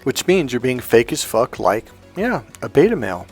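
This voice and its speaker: A man's voice: medium pitch, sing-song, moderate pace, faint music behind. A man working as a dating coach, telling a story to camera in a blunt, casual way with heavy swearing.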